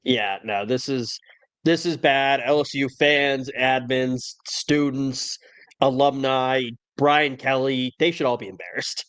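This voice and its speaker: A man's voice: medium pitch, steady tone, takes it slowly, a bit bright, clean tone. A man hosting a casual college football podcast, talking in a wry, opinionated way. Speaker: podcast host. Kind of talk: casual sports talk.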